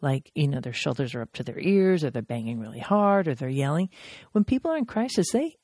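A woman crisis intervention trainer giving an instructional podcast talk, emphatic and animated when she acts out examples. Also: low-pitched, a little fast, no room sound, studio quality.

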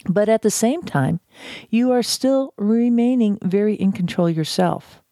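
A woman giving a measured, reflective talk on handling conflict, pausing often and repeating phrases for emphasis. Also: medium pitch, warm tone, no room sound, studio quality. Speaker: speaker on conflict de-escalation. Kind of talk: talk on civility.

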